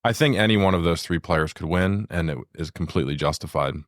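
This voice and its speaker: A young adult man co-hosting a family podcast, talking through the game in a measured, analytical way, like a sports announcer. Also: deep voice, no echo, studio quality. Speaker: podcast co-host. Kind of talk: casual family podcast chat.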